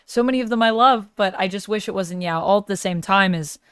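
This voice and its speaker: A woman hosting a livestream, chatting casually and laughing easily. Her voice is smooth and clear, at a middle pitch. It sounds close and dry on a desk microphone. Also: fairly quick, dry recording. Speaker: livestream host. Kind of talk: casual chat.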